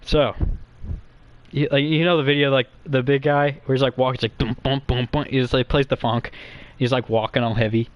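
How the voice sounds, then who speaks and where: A nervous young man, guesting with some streamers, rambles crudely and giggles as he goes, speaking quickly and quietly. His mid-range voice shows little pitch movement, and the recording has its highs cut off.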